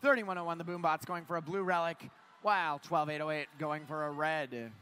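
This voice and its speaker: A man giving live play-by-play commentary on a robotics competition, getting louder and higher at the big moments. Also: a little fast, slight background noise. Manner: excited play-by-play, climbs in pitch at big moments. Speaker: match commentator.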